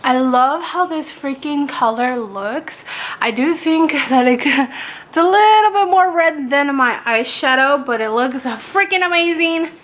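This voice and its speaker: A woman's voice: high-pitched, expressive, measured pace, a bit bright, slight background noise. A woman, chatting casually through a makeup tutorial as a beauty vlogger. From California. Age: 20s. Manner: chatty, casual, addresses viewers as "you guys".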